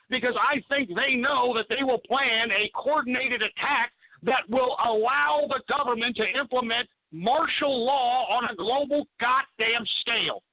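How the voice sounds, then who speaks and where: A man's voice: extremely high pitch, no room sound. A man hosting a talk radio show, ranting angrily and cursing as he takes calls. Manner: profane, angry ranting. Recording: tinny phone-like sound.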